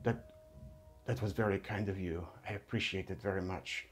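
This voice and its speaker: A man voicing a polite, older male cat-person scholar who speaks softly and formally, dropping in French words. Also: low voice, fairly even intonation, normal speed, soft background music, close to an everyday voice. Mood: courteous. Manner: soft formal speech with French phrases.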